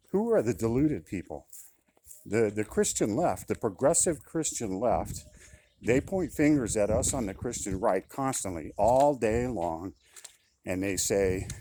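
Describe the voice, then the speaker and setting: A faint hiss or hum sits under the older commentator's fairly low, mellow voice. He talks casually and repetitively in a monologue, frequently becoming indignant.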